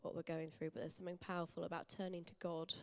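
A woman's voice: fairly low pitch, level tone, fast talker, a little mellow. Earnest young woman preaching. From England. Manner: earnest, personal, conversational preaching. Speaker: church speaker. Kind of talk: sermon. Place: church hall.

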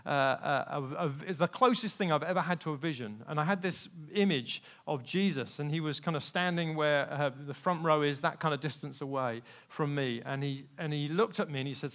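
A man preaching a sermon, telling personal stories candidly and swinging between quiet asides and loud, emphatic peaks. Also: a little high, fairly quick, few pauses. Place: church service.

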